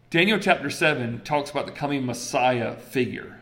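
A man's voice: on the high side, a little fast, few pauses. A man from South Carolina with a Southern accent, preaching a conversational sermon, reading scripture and acting out voices. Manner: conversational, animated, quotes scripture and acts out voices.

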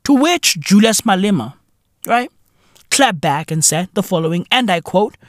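A young South African man hosting a podcast, ranting in a casual, profane, comedic way with shouting and laughter. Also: high voice, normal speed, no room sound, clean studio sound. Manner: animated, profane, bursts into loud laughter and shouting. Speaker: podcast host.

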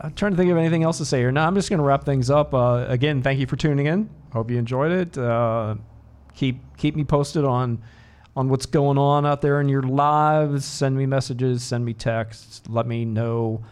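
Easygoing, rambling radio host. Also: male voice, mid-range voice, a little mellow. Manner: easygoing, rambling, halting wrap-up. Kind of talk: casual on-air banter. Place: radio studio.

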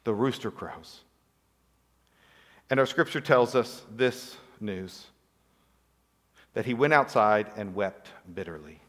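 A man's voice: fairly low pitch, lively intonation, takes it slowly, long pauses, fairly bright tone, big-room sound. A man preaching a sermon, telling a story with acted-out quotes and rhetorical questions. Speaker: pastor.

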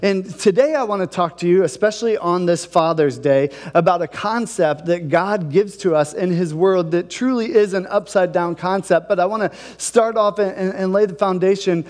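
A man's voice: high-pitched, moderate pace, few pauses, darkish tone, long reverb tail. A male pastor from Ohio preaching a sermon in a casual, conversational way, often checking in with the congregation. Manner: conversational, asks the congregation questions.

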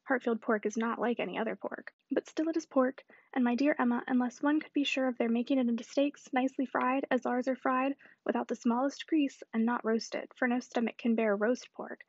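A woman reading the part of a fussy, anxious elderly gentleman who rambles fretfully. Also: on the high side, fairly quick, slightly rough, no echo, lo-fi sound.

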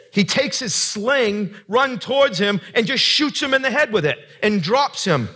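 A male pastor preaching with a high, bright voice that has a husky edge. He talks in an earnest, conversational way and turns often to the congregation with direct questions. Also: animated, normal speed, few pauses. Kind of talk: sermon.

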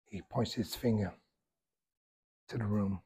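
A male pastor, preaching a sermon and telling a story with sudden loud surges and hushed drops. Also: on the low side, a little slow, breathy edge.

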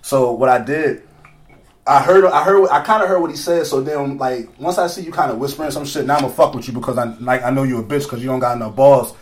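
A man's voice: mid-range voice, fast. A man hosting a podcast in loose, profane, joking banter with friends. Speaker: podcast host.

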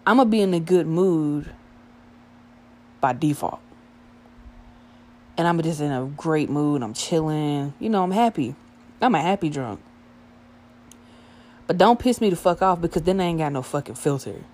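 A young woman with a fairly low voice spins a wild, profane story. She talks casually and acts out every quoted line with plenty of attitude. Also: a little mellow.

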